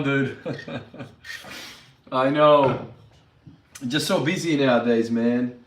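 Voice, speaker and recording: A man's voice: medium pitch, extremely slow. A man chatting casually on a livestream, upbeat and greeting viewers by name. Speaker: fitness vlogger. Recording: echoey room, mic at a distance.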